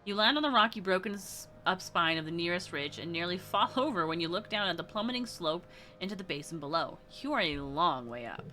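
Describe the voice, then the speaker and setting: A woman streaming a story game, reading its text aloud and reacting with gasps and quick asides. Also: on the low side, lively intonation, pushed and bright.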